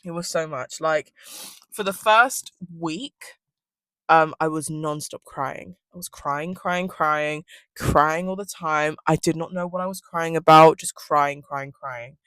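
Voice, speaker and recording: A woman's voice: low-pitched, takes it slowly, a bit bright, clean tone, no echo. Young girl ranting storytime style in her car, lots of like and swearing, dry close sound. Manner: rambling, swears freely, fillers like "like". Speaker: vlogger. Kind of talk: casual storytime chat.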